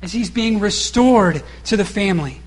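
A man's voice: high-pitched, animated, normal speed, slightly rough. A middle-aged man preaching a sermon, mixing rhetorical questions with casual asides. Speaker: pastor.

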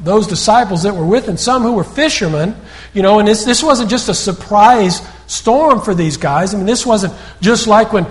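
A man's voice: high-pitched, normal speed. A man preaching a sermon in a conversational storytelling way, often repeating words and restarting sentences.

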